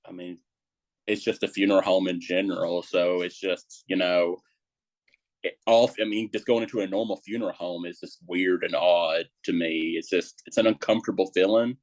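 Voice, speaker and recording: A man's voice: low-pitched, fairly even intonation, normal speed, no echo. A man, a paranormal investigator chatting casually on a podcast, rambling nervously with lots of fillers.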